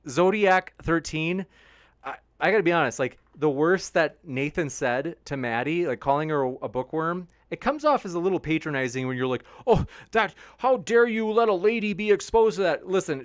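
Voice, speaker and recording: A man's voice: medium pitch, no room sound, studio quality. A young man hosting a debate livestream, reading viewer comments aloud and answering them, with sarcastic mocking voices for his critics. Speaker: debate channel host.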